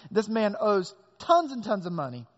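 High-voiced man preaching emphatically in a hall. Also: wildly swooping pitch, moderate pace. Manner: emphatic preaching, leaning hard on key words. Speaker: pastor. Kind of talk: sermon. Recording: long reverb, dull sound.

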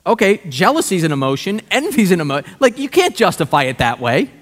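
A male pastor preaching a sermon, animated and conversational, full of rhetorical questions. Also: high-pitched, fairly quick. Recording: long hall reverb.

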